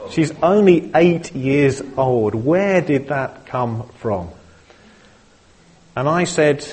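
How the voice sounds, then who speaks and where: Slow, husky-voiced male preacher. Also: medium pitch, animated, darkish tone. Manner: measured, earnest preaching with small restarts. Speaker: pastor. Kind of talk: sermon.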